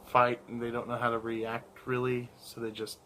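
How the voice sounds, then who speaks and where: Dry deadpan guy vlogging w his partner, mid pitch, lots of "like", faint noise. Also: normal speed. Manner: dry, direct, lots of filler "like". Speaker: co-host, partner. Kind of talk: casual couple chat to camera.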